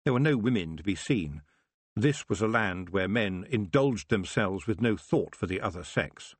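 Low husky guy reading a story aloud, lively delivery, dry close sound. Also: normal speed, no room sound. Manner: expressive storytelling. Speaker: audiobook narrator. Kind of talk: scripted narration.

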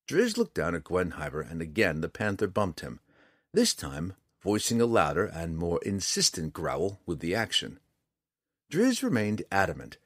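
A male narrator with a very deep voice reads a fantasy story in a measured, expressive way. His pitch swings widely, and his tone is a touch husky. The recording is dry and close. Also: no room sound. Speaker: audiobook narrator.

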